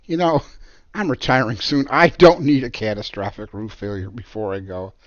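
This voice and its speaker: A man's voice: on the low side, steady tone, normal speed, no room sound, dull audio, pitched below the performer's own voice, lightly acted. A man voicing a blunt, stern older male building inspector who speaks in a curt way. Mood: weary.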